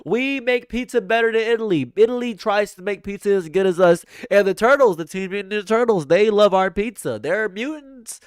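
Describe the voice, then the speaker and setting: Give me a man doing a boastful old politician who wanders off on tangents in a smooth voice. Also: high voice, a little fast, hardly any pauses, no echo, clean studio sound, pitched above the performer's own voice, natural voice. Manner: self-aggrandizing, rambling tangents. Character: boastful rambling older male politician.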